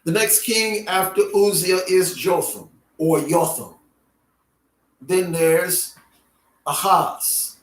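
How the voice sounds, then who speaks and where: A man teaching a Bible history lesson in an unhurried way, often repeating names in their alternate pronunciations. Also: high-pitched. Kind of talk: classroom Bible history lecture. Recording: roomy sound from a distant mic.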